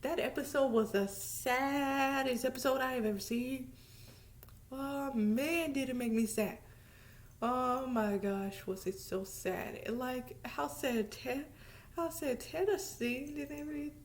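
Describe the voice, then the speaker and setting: High-voiced, animated woman vlogger. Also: a little slow. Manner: animated, emphatic, repeats words; drops to a whisper at times. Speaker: vlogger reviewing a TV series. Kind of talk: casual chat.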